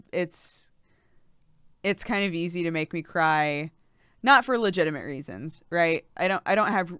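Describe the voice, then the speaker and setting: A woman's voice: sits low, fairly bright tone, clear, resonant tone, no room sound, clean studio sound. A young adult woman streamer chatting casually on a live stream, talking freely and breaking into laughter often, with plenty of fillers.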